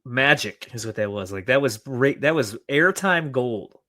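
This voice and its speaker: Man, casual chat, calm, reassuring, podcast co-host. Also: medium pitch, unhurried.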